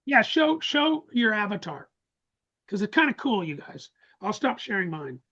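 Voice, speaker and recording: A man presenting a live webinar, talking excitedly with many restarts and stammers over a video call. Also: sits high, moderate pace, dull audio. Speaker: course presenter. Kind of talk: casual live webinar talk.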